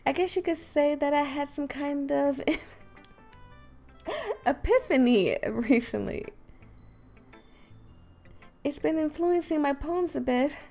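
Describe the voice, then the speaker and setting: A woman's voice: high voice, expressive, takes it slowly, long pauses, a little mellow, faint music behind, pitched above the performer's own voice, heavily acted. A woman voicing a cheerful, confident teenage girl who leads a literature club, with a sweet, encouraging manner. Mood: bubbly.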